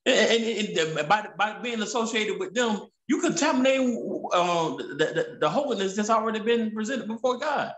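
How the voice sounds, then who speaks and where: A man preaching with halting, stammering restarts, and he reads scripture aloud. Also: high voice, expressive, a bit bright. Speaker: prophet. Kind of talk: preaching on a prayer broadcast. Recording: echoey room.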